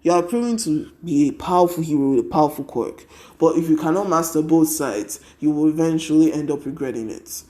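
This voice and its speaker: A young man voicing a proud hero mentor in a fan story, speaking in formal, measured sentences. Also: a little high, a little mellow, roomy sound, natural voice. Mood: solemn.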